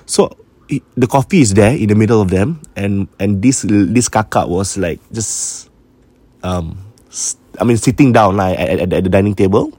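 A man's voice: lowish voice, normal speed, warm tone, slightly rough, no echo. A man with a Malaysian English accent hosting a horror podcast, casually retelling a listener's ghost story and slipping between Malay and English.

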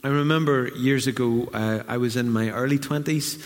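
A man's voice: mid-range voice, fairly even intonation, normal speed. A middle-aged man, preaching a sermon as pastor with earnest delivery and vivid acted asides. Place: church hall. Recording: long reverb of a church hall.

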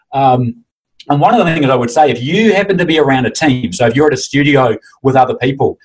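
A man's voice: mid-range voice, husky, low-quality recording. A man who runs a fitness convention, chatting enthusiastically and acting out quotes as he tells stories. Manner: enthusiastic, animated storytelling with mimicked quotes. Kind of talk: casual conversation.

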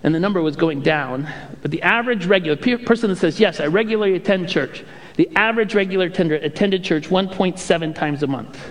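A male pastor preaching a sermon with animated storytelling and playful impressions. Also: high-pitched, fast talker, big-room sound.

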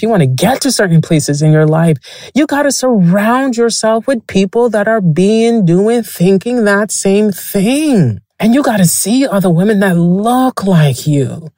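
A woman's voice: fairly low pitch, dark tone, no echo, clean studio sound. A woman hosting a podcast, telling stories in a frank, profane, casual way and laughing often. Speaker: podcast host. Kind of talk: casual storytelling monologue.

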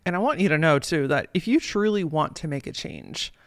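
A woman's voice: low-pitched, expressive, fairly quick, no room sound. A woman hosting a motivational podcast as a life coach, talking casually and emphatically with plenty of swearing.

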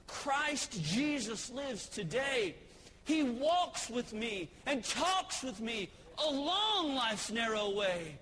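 Pastor, male, very high bright voice, fiery sermon delivery, long church reverb. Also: sing-song, takes it slowly, a little hiss or hum. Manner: impassioned preaching, swells to shouts. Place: church sanctuary. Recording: echoey church hall.

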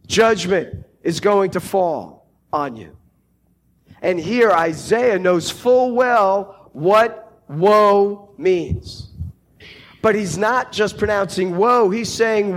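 Slow, high-voiced male preacher. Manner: slow, deliberate preaching with emphatic quoted cries. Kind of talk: sermon.

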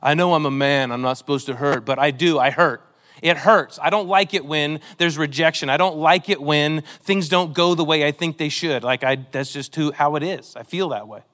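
A man's voice: on the high side, moderate pace, a bit bright. A man preaching a sermon, earnest and emotional, reading scripture with a pleading, dramatic delivery. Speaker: pastor.

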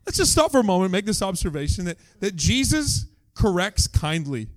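A man's voice: sits high, big pitch swings, a little fast, hardly any pauses. A man preaching a sermon in a casual, conversational storytelling way with humorous asides. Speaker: pastor.

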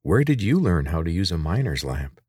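A man's voice: low voice, sing-song, normal speed, a little mellow, slightly rough, no room sound, clean studio sound, full character voice. A man voicing a cautious, bewildered young boy in a read-aloud story, asking earnest questions. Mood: earnest, unsure.

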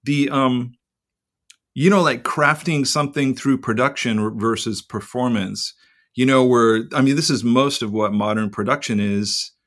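A man's voice: medium pitch, steady tone, moderate pace, a bit bright. A man co-hosting a podcast in casual chat, rambling and reflective and swearing freely. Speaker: podcast co-host.

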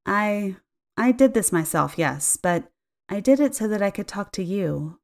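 A woman's voice: mid-range voice, measured pace, creaky. A woman voicing a steely, composed wife who speaks firmly and evenly. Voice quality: firm, even, cutting.

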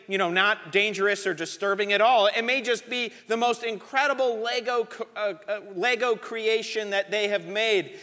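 Man, pastor, animated storytelling sermon, sharp voice, reverberant hall. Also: sits high.

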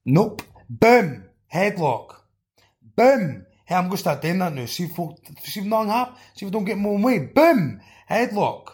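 Reading listener comments aloud, the Scottish host swears and jokes his way through casual comedic banter. His voice sits high and is a little mellow, moving at normal speed with big swings in pitch.

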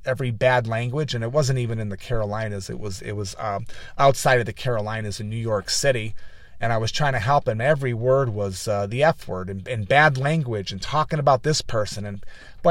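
A man's voice: medium pitch, brisk, dry recording. A man hosting a motivational podcast, telling business stories in a rambling, folksy way with many restarts and repeated words. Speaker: motivational speaker and podcast host. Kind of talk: casual motivational talk.

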